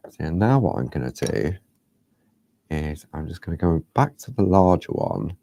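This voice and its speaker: A chatty man presents a craft demonstration in a low, gravelly voice. His tone is warm and mellow, and the close recording sounds dry. He rambles loosely and now and then drops into a hushed near-whisper. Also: very animated, moderate pace, no room sound. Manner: chatty, rambling, drifts into soft whispers and laughs at himself. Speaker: craft show host.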